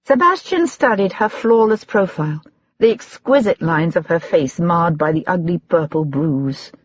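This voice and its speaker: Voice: medium pitch, animated, moderate pace, no echo. An audiobook narrator reading a period mystery in scripted narration. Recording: dull lo-fi audiobook recording.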